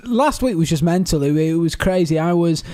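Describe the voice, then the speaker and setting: A man's voice: fairly high pitch, lively intonation, mellow, no room sound. Man, dry close sound. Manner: joking, quick banter. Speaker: podcast co-host. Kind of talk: casual chat.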